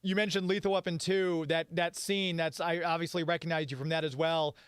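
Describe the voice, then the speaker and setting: Male radio host with a high voice, recorded close and dry. Casual and encouraging with his guest. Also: level tone, clean tone, no echo. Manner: encouraging, with quick agreeing interjections. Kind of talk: casual interview chat.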